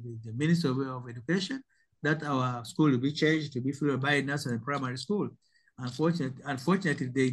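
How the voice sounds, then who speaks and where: A man's voice: a little high, fairly bright tone. Older Tanzanian man, emphatic guest. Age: 70s. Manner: emphatic, repeats and restarts words. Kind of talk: interview answers.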